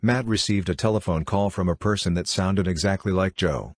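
Deep husky man reading ghost stories. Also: fairly quick, darkish tone, no room sound, clean studio sound. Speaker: narrator.

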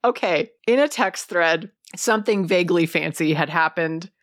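A woman co-hosting a podcast in casual chat, animated and swearing freely as she acts out quotes. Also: fairly low pitch, moderate pace, no room sound, clean studio sound. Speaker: podcast co-host.

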